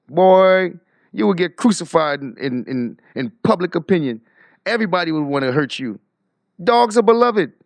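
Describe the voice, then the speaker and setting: A man hosting a livestream, giving animated, emphatic casual commentary with frequent restarts. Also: sits high, creaky, no room sound. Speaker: livestream host. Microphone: headset or desk mic.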